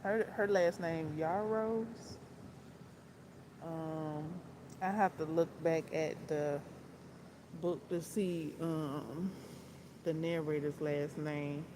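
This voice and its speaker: A woman chatting casually on a book vlog, rambling and circling back to repeat herself. She talks at an unhurried, slow pace and laughs often. A faint hum of room ambience sits behind her voice. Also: deep voice, steady tone. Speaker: book vlogger. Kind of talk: casual chat.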